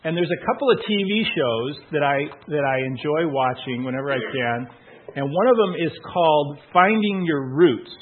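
A man preaching a sermon in a conversational, storytelling way, full of restarts, then reading scripture slowly and deliberately. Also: on the high side, animated, slightly rough. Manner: conversational storytelling with many restarts and acted quotes. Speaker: pastor. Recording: tinny phone-like sound.

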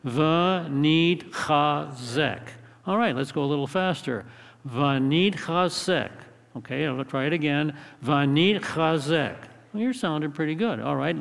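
A man's voice: on the high side, fast talker, vocal fry, in a large hall. A man leading an evening Bible study in a playful, call-and-response way. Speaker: Bible teacher.

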